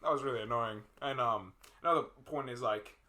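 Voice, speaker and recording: A man's voice: mid-range voice, fairly quick, sharp tone. A young man co-hosting a podcast, casually retelling film scenes in a rambling way with many fillers and restarts. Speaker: podcast co-host.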